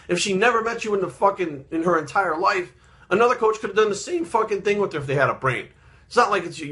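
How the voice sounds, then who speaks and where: A man's voice: a little high, sharp tone. A man, a fitness trainer, ranting bluntly and heatedly in a profane vlog monologue.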